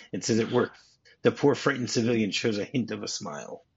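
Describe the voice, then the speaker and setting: A fairly low, creaky, slightly rough male voice belongs to the host of a casual film podcast, who chats, reads script passages aloud, and drops in quick asides. Audio quality is dull and lo-fi.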